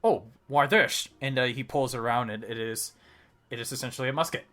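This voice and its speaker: A man's voice: medium pitch, flat delivery, fast talker, fairly bright tone. A man narrating a tabletop game as game master, rambling with many fillers and restarts.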